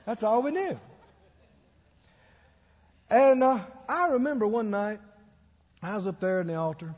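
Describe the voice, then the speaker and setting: A man's voice: high voice, a little slow, a little mellow. A man preaching a sermon, telling stories with acted-out quotes and laughing along. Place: church. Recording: dull echoey church hall.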